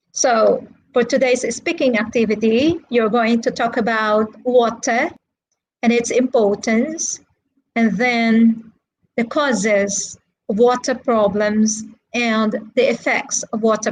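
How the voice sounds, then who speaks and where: A woman's voice: a little high, fairly even intonation, poor audio. A woman teaching an English lesson in a live-streamed online class, patient and checking in with her students often. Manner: slow, patient, checks in with frequent "okay" and "right".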